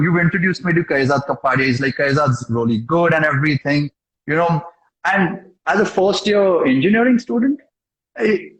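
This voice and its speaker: A young man with a slightly higher voice is a guest in a casual interview, recounting events with animated emphasis, voicing the people in his story and tagging lines with "okay?". The room around him gives a noticeable echo.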